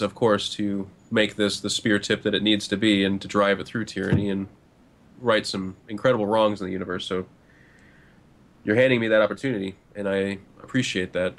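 A man voicing a confident starship captain who speaks in a measured, lecturing way. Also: lowish voice, close to an everyday voice. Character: confident male starship captain, tactical and proud.

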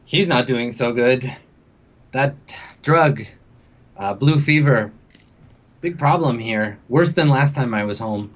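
A man voicing a gruff man who speaks in clipped, broken English. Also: mid-range voice, takes it slowly, long pauses, distant mic, muffled recording. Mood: brooding. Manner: clipped, dropped-article speech.

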